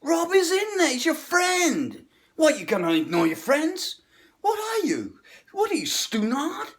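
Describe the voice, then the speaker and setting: A man putting on a pushy man who loudly guilts his friend. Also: huge pitch swings, measured pace, heavily acted. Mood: badgering. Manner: shouting, badgering, high-pitched.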